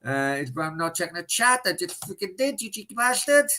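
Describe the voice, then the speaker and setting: Man, live stream host, bright edgy tone, slightly high voice, casual and blunt. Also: big pitch swings, a little fast, low-quality recording. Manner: chatty and blunt, swears freely. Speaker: live stream host answering viewer questions.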